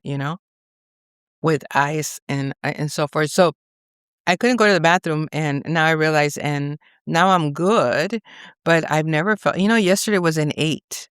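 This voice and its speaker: A woman's voice: sits low, clear, resonant tone, dry recording, clean studio sound. A woman vlogger giving casual astrology talk, rambling and chatty, often checking in with "okay?" and "you know".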